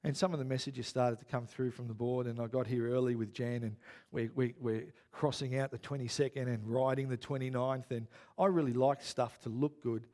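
Chatty, animated preacher man. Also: mid-range voice, brisk. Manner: chatty storytelling, gets loud and worked up. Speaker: pastor. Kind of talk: sermon.

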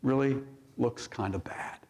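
A man's voice: medium pitch, unhurried, a little mellow. A male pastor preaching a sermon, reading scripture aloud and commenting on it with rhetorical questions to the congregation. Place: church sanctuary. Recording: long reverb of a church sanctuary.

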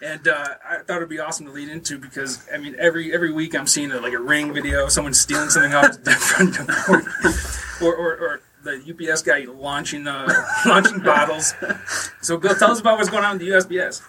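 A man's voice: fairly high pitch, fairly quick. A man hosting a podcast in a studio, chatting loosely and rambling with lots of fillers. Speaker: podcast host. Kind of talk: casual chat. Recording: distant mic with audible hiss.

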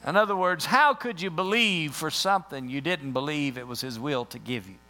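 A man preaching a sermon, reading scripture verses slowly and repeating them for emphasis. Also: a little high, bright, forceful tone.

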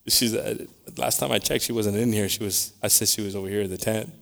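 A man preaching a sermon, swinging between loud scripture reading and quiet, repetitive asides. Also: mid-range voice, very animated, brisk, gravelly, hardly any pauses. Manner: repeats words while searching for them.

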